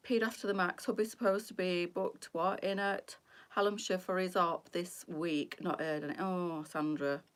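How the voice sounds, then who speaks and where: A woman's voice: mid-range voice, fairly bright tone. A middle-aged woman, hosting a casual live stream and chatting with her viewers, greeting them by name and rambling freely.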